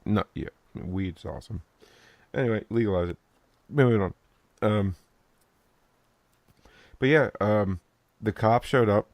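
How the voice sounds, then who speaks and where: Gravelly low-voiced man telling stories. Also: measured pace, long pauses, no room sound. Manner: swearing, laughing storyteller. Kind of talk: casual chat.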